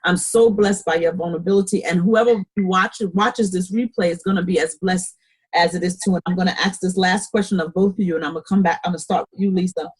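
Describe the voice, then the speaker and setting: A woman's voice: on the low side, steady tone, fast talker, husky. A woman hosting a book chat, affirming and encouraging her guests. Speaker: host.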